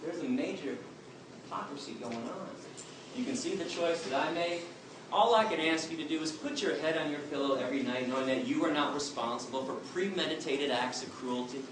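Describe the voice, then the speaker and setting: A man fields questions during a Q and A, speaking emphatically and plainly as he tells stories, his voice slightly high and slightly fast. The sound comes from a distance in a big echoey hall and is noisy.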